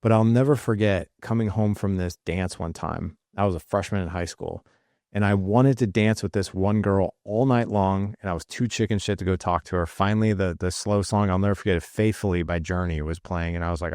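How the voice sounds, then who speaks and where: A man's voice: low voice, fairly quick, a little mellow, dry recording, clean studio sound. A man in his late forties hosting a podcast, telling a personal story in a casual, rambling way with fillers and restarts. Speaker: podcast host.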